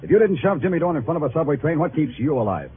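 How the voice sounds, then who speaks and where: A man's voice: on the high side, big pitch swings, racing, slight background noise. A man playing a hard-boiled, wry detective who narrates his own case in 1940s radio acting. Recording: tinny old radio broadcast with music.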